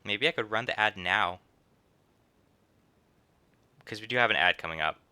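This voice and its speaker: A man's voice: fairly low pitch, moderate pace, sharp tone, smooth, no echo. Chatty man streaming a game. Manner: rambling, laughing asides. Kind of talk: casual live game commentary.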